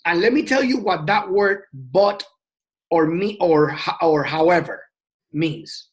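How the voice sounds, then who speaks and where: A man's voice: high voice, animated, measured pace. A man teaching a sales training session in a casual, passionate way, often repeating words and restarting sentences. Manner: passionate and emphatic.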